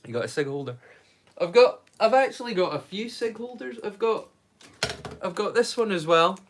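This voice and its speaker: Chatty Scottish man, slightly high voice. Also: lively intonation, moderate pace. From Scotland. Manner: rambling, repeats words when starting sentences. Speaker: livestream host. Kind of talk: casual livestream chat.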